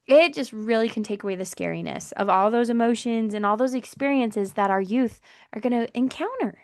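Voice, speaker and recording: A woman's voice: a little high, fairly quick, no room sound, studio quality. A young adult woman co-hosting a podcast as a life coach, talking earnestly and reflectively in casual conversation. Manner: earnest, reflective, acts out quoted voices.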